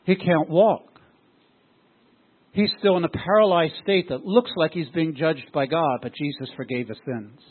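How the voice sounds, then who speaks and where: A man's voice: a little high, unhurried, husky. A man preaching a sermon as pastor, often throwing rhetorical questions at his congregation. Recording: tinny phone-like sound.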